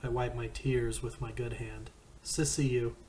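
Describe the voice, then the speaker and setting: Male narrator for a read-aloud novel; unhurried, even, faint noise behind. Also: medium pitch, rough recording. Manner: slow, measured first-person reading. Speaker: audiobook reader.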